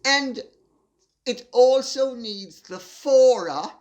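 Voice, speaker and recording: Older woman commentator, indignant, emphatic, unhurried delivery. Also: sits high, lively intonation, darkish tone. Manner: indignant, emphatic, deliberate with drawn-out stresses. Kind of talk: opinion monologue to camera.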